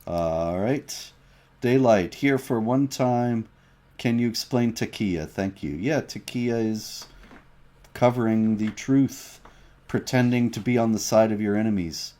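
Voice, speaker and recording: A man's voice: lowish voice, takes it slowly, warm tone. A man co-hosting a livestream, explaining points emphatically and reading out viewer chat comments. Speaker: co-host of a livestream show.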